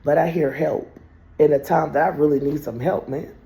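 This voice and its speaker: Gravelly woman telling a rambling story. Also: deep voice, fairly even intonation, normal speed, dark tone. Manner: rambling, profane, addresses viewers directly. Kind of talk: casual storytime monologue.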